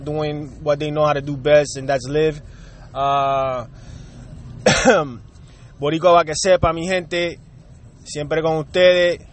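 A Puerto Rican man hosting his own show, venting in a heated, profane rant aimed straight at his listeners. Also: on the high side. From Puerto Rico. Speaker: podcast host. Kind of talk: angry rant.

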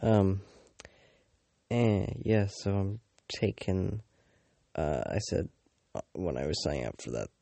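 A low, gravelly teenage boy rambles through a storytime at an unhurried drawl, his voice dark and dry in the room. He swears a lot, trips over fillers and restarts, and drops mocking asides about everyone he meets. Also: sing-song, no echo. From Canada. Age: teens. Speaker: vlogger.

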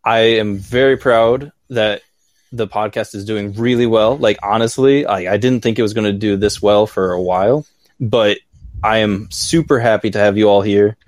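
A man's voice: lowish voice, moderate pace, no room sound. A man hosting a podcast, chatting in a rambling, upbeat way with lots of "like"s. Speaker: podcast host. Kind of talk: casual chat.

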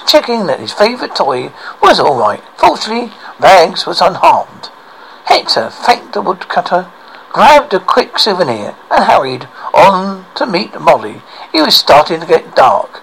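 A man narrating a children's storybook aloud, expressive, with small slips and restarts. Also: high voice, vocal fry, a little hiss or hum, low-quality recording.

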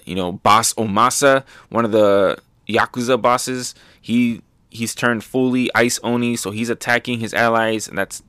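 A man's voice: mid-range voice, bright, forceful tone, smooth, dry recording, clean studio sound. Casual, profane man recapping manga. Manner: loose, profane, filler-heavy chatter. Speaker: manga review host.

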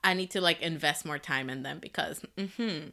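A woman's voice: low-pitched, normal speed. A young woman co-hosting a casual chat podcast, gushing and emotional as she tells stories. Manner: gushing, emotional, animated storyteller. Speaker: podcast co-host.

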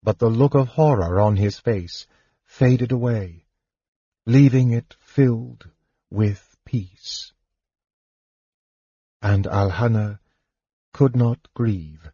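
A man narrating a fantasy audiobook in a measured, even way. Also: mid-range voice, husky, no room sound, lo-fi sound. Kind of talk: scripted narration.

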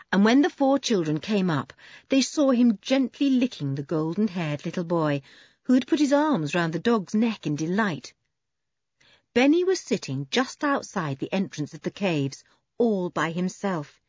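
A woman reading a children's storybook aloud in an expressive, animated way. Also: medium pitch, breathy edge, dry recording, lo-fi sound. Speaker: audiobook narrator. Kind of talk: storybook narration.

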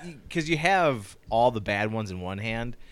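A man's voice: fairly low pitch, lively intonation, moderate pace. A man in casual chat, chiming in and agreeing.

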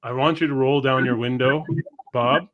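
A man's voice: mid-range voice, steady tone, normal speed, muffled recording. A man hosting a live talk show, joking and rambling in casual chat. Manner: joking, rambling, laughs often. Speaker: host.

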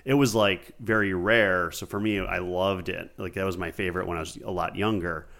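Deep-voiced rambling storyteller man. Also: steady tone, moderate pace, vocal fry, fairly bright tone. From Buffalo, New York. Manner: rambling storyteller, many "like" fillers. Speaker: podcast co-host. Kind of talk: casual chat.

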